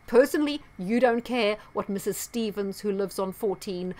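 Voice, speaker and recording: A woman's voice: mid-range voice, moderate pace, darkish tone. A woman giving a sarcastic, indignant commentary on her vlog, with emphatic outbursts. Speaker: astrology vlogger.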